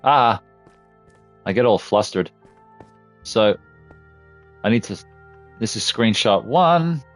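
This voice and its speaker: A man's voice: lowish voice, slow pace, soft background music. A man casually commentating his gameplay, swearing often and yelping at surprises. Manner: excitable, swears, yelps at surprises. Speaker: let's play streamer.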